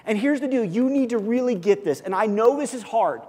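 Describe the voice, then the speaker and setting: A male pastor preaching a sermon, moving from loud, punchy emphasis to quiet, earnest intensity. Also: high voice, animated, brisk. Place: church sanctuary. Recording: long church reverb.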